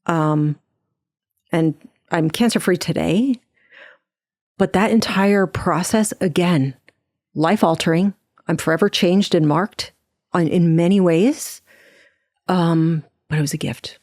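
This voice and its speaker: Middle-aged woman from jersey telling her story on a podcast, lowish voice, dry close sound, keeps restarting mid-sentence. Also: a little mellow, no room sound. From New Jersey. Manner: earnest, fast storytelling with frequent restarts. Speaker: podcast guest. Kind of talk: personal testimony in a conversational interview.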